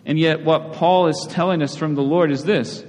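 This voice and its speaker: A male pastor preaching a sermon in a relaxed, conversational way, often asking "right?" and repeating words. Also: a little high, moderate pace. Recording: long hall reverb.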